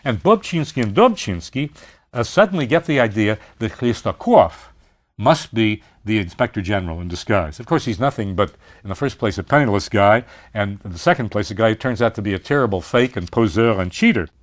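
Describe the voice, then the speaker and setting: A man giving a university lecture on literature, telling the story in an animated way with frequent "uh" fillers. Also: on the low side, a little fast.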